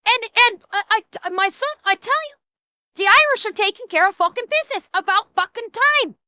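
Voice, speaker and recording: A woman's voice: extremely high pitch, lively intonation, normal speed, pushed and bright, no echo. A woman streamer ranting and swearing while reacting, stammering and repeating herself. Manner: profane, stammering, heated ranting.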